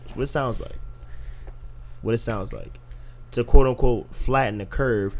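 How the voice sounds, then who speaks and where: A man's voice: medium pitch, measured pace. A young man in casual podcast chat, arguing with rhetorical questions. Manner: animated, argumentative, rhetorical questions.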